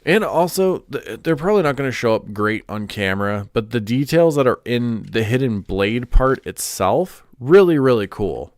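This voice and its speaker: A man's voice: medium pitch, animated, moderate pace, hardly any pauses, no echo. A man chatting casually on a live stream, congested and rambling with lots of "like" and restarts. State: stuffed up, congested.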